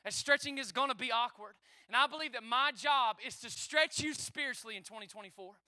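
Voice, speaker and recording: A man preaching a lively sermon as pastor, energetic and calling out to the congregation with exclamations. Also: extremely high pitch, fairly quick, no echo.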